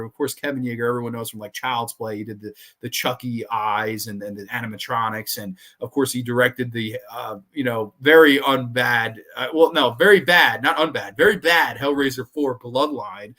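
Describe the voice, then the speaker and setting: A man from New York with a New York accent, hosting a casual horror review show, animated and swearing freely. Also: medium pitch. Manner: animated, swearing, acts out quoted lines. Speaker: podcast host.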